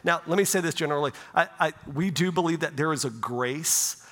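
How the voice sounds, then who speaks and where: Slightly high, slightly fast, and a bit bright, a middle-aged male pastor preaches his sermon in a conversational manner, often adding "right?". The recording carries the long reverb of a church sanctuary.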